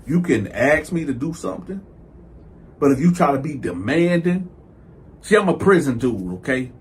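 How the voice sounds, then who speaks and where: A man telling a story for his video channel, animated and profane, stammering through repeats and acting out what others said. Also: a little high, normal speed, a little hiss or hum. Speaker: YouTube storyteller.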